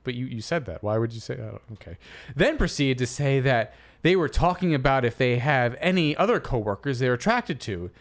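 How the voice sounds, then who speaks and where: A man co-hosting a comedy podcast, reading a listener's post aloud and then arguing his side in a playful, animated way. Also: mid-range voice, brisk. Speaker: podcast co-host.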